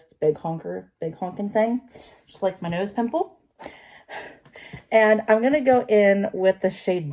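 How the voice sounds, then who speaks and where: Mellow-voiced woman chatting through makeup. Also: lowish voice. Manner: chatty, talks to herself, self-deprecating asides. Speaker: makeup vlogger. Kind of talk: casual talk while doing makeup.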